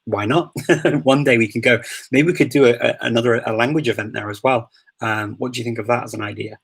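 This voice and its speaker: A man from Liverpool with a Scouse accent hosts a live Q&A in a relaxed, rambling way. His voice has a gravelly, fry-edged texture at a mid pitch. He laughs easily and hesitates as he thinks. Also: fast, low-quality recording. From Liverpool, England. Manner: chatty, laughs often, many ums and restarts. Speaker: host of a live Q&A. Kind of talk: casual live Q&A chat.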